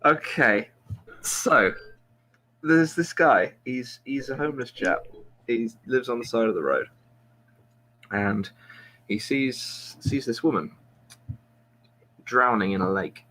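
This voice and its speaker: A man's voice: medium pitch, animated, slow pace, pauses often, pushed and bright, a little hiss or hum, rough recording. A man, a podcast host, telling a long, rambling joke with plenty of restarts and jokes at his own expense. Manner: rambling, self-mocking storyteller with frequent restarts. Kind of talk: casual joke telling among friends.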